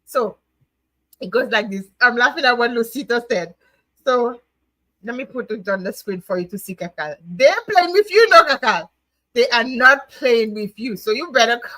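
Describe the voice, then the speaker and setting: A woman with a fairly high voice hosts a casual poetry night livestream, chatting, laughing and coaxing viewers to come on and perform. She also reads her own verse aloud. Her voice sounds dry and close, with no room around it. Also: bright, forceful tone, no echo, poor audio. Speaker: livestream host.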